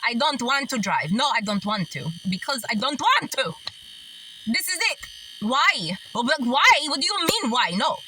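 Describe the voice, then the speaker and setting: A woman's voice: on the high side, moderate pace. A woman putting on a Greek accent to voice her stubborn old grandmother, who refuses bluntly in short clipped phrases and repeats herself. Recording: distant mic, steady background noise.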